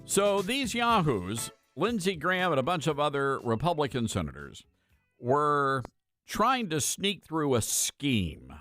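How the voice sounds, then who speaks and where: A man's voice: fairly high pitch, wildly swooping pitch, unhurried, sharp tone, faint music behind. A man hosting a talk radio show, with a folksy, sarcastic way of talking. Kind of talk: conservative talk radio commentary.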